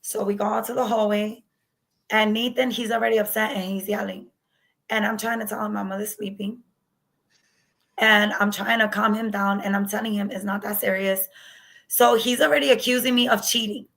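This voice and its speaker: Gravelly-voiced woman telling her own story. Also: mid-range voice, fairly even intonation, moderate pace, a bit bright, poor audio. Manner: candid, acts out past dialogue. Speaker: guest sharing her story. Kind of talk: personal storytelling.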